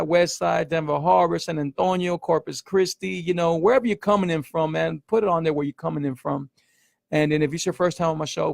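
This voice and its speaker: A creaky, somewhat high male voice comes through a dry, studio-quality recording. The middle-aged man is a keto coach hosting a casual livestream, pressing his points, repeating them, and frequently using "man" and "y'all."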